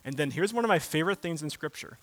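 A male pastor preaching a sermon in a casual, conversational way with slang asides, moving between loud emphatic bursts and quiet reflective stretches. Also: a little high, animated, quick pace, dry recording.

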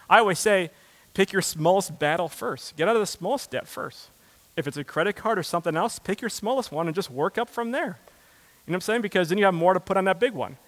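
A man preaching a sermon as pastor, building to loud impassioned passages and then dropping low and quiet. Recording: long hall reverb.

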